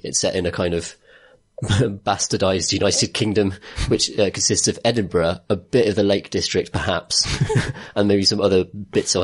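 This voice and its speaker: A low-pitched British man talks casually on a gaming podcast, circling back on himself and laughing through his sentences. His delivery is loose and unhurried, full of restarts and asides. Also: husky. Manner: rambling, laughs often, many restarts. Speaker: podcast co-host. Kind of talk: casual chat.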